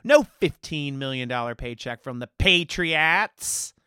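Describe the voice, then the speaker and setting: A man's voice: a little high, expressive, measured pace, pushed and bright, clean tone, no echo, studio quality. A man hosting a sports podcast, giving heated, opinionated, mocking commentary.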